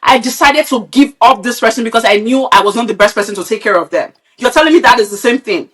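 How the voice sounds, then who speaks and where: A woman's voice: fairly high pitch, expressive, fast, fairly bright tone. A woman from Nigeria, a podcast co-host, ranting bluntly and with a lot of swearing in casual, opinionated chat. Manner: blunt, profane, heated ranting.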